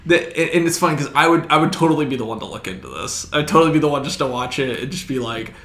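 A man in casual chat, telling stories in a lively, profane way. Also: a little high, rapid-fire. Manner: lively storyteller, profane, acts out what he thought. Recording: echoey room.

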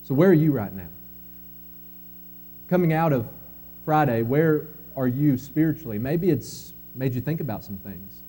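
A man preaching a sermon as pastor, earnest, rising to emphatic quotes and dropping soft again. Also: medium pitch, animated, normal speed, long pauses, breathy edge. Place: church sanctuary.

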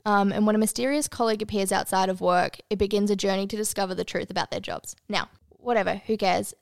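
Gravelly-voiced woman podcast co-host. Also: mid-range voice, fairly even intonation, quick pace, no echo, clean studio sound. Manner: chatty, rambling retelling with many fillers. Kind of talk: casual chat about films and TV.

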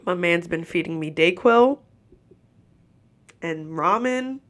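Her voice is low-ish, expressive and slow as she rants casually on her podcast, seated at a microphone. Stuffy-nosed and breathless, the host swears without restraint and laughs as she talks.

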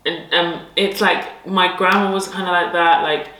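A woman co-hosting a casual podcast, chatting in a relaxed, candid way with a slightly low voice. She sits a little back from the mic, so she sounds roomy and echoey with faint background noise. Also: moderate pace, far from the mic. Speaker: podcast co-host. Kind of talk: casual chat.

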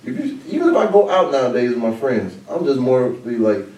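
A man hosting a podcast in casual chat, blunt and animated, talking in quick bursts. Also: mid-range voice, recorded from a distance. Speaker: podcast host. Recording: roomy echo, mic set back.

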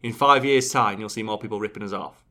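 A young man who co-hosts a YouTube channel, talking fast and jokily in a casual chat. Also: on the low side. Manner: fast, animated, jokey storyteller.

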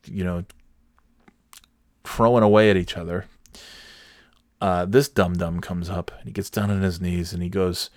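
A man's voice: low voice, steady tone, moderate pace, pauses often, no room sound, clean studio sound. A middle-aged man telling a story in a casual, profane and exasperated rant, full of restarts and sarcastic asides.

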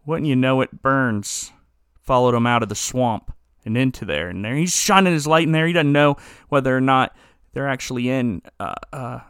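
A man's voice: mid-range voice, moderate pace, fairly bright tone, smooth, dry recording, clean studio sound. A man hosting a podcast, casually recapping an episode in a rambling, joking way with many restarts. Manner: rambling, joking, self-correcting. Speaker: podcast host.

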